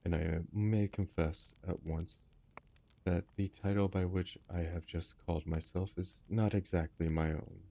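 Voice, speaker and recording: A man's voice: low-pitched, steady tone, a little slow, vocal fry, dark tone, full character voice. A man voicing a masked, secretive Bohemian nobleman who speaks formally and guardedly.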